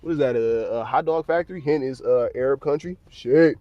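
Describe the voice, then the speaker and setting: A man's voice: medium pitch, fairly quick, no room sound, dull audio. An American man livestreaming from his parked car at work, chatting casually in a blunt, slang-heavy, profane way. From United States.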